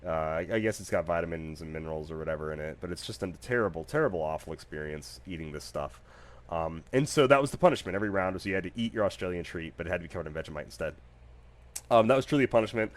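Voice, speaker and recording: A man with a low voice hosts a solo podcast. He rambles through stories in a casual, joking way, with frequent fillers and lively bursts of emphasis. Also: fast talker. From United States. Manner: animated, jokey, rambling with fillers. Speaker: podcast host.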